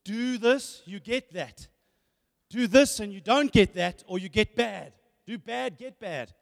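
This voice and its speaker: A man preaching a sermon, animated, often repeating words and asking rhetorical questions. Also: sits high, a little slow, creaky. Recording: hall reverb.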